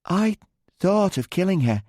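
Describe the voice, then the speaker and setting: A man voicing a young woman who speaks bluntly, with a shaky, halting, guilty tone. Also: high voice, sing-song, darkish tone, dry recording, studio quality, voice pushed up.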